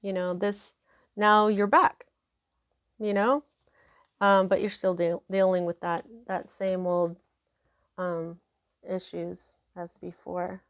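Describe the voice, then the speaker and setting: Slow talking lady doing a tarot reading, lots of um and you know, dry close sound. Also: fairly low pitch, little pitch movement, no room sound. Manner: chatty, unhurried, many fillers. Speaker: tarot reader.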